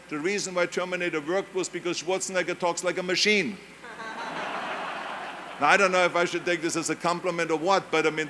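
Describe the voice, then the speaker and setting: An older man with a strong German accent speaks at a commencement podium, his voice sitting a little high. He tells his story with emphatic repetition. Faint background noise runs under the speech. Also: sharp tone. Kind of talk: motivational speech. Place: large graduation ceremony venue.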